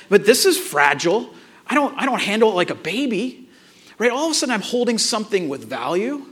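High-voiced man preaching conversationally. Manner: conversational preaching, tag questions, animated storytelling. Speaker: pastor. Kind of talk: sermon.

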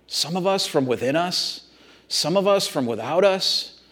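A man's voice: a little high, animated, measured pace, fairly bright tone. A man preaching a sermon, talking straight to his congregation in an earnest, repetitive way. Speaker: pastor.

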